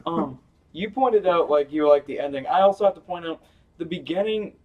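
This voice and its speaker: A man's voice: on the high side, lively intonation, a little fast, distant mic, phone-quality sound. A man chatting casually on a movie review podcast, thoughtful and questioning. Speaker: podcast co-host.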